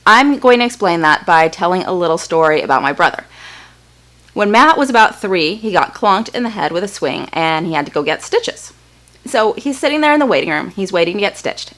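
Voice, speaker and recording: A woman's voice: lowish voice, lively intonation, normal speed, fairly bright tone. A woman from Texas hosting an upbeat, story-driven lesson on writing. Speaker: host. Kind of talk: explanatory video lesson.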